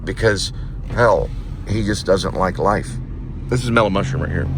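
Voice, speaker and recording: A man's voice: low voice, moderate pace. A man of around fifty from Texas, a delivery driver who rambles and rants with profanity while driving. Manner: ranting, profane, jumps between topics. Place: inside a car. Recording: clear car road noise.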